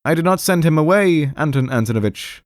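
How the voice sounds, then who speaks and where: A man reads an audiobook as a nervous, timid clerk, pleading with a tremble and returning repeatedly to the name of the man he addresses. His delivery is sing-song and slightly mellow, mid-range in pitch and normal in speed, raised above his own voice while staying near everyday speech. The recording is dry and studio quality.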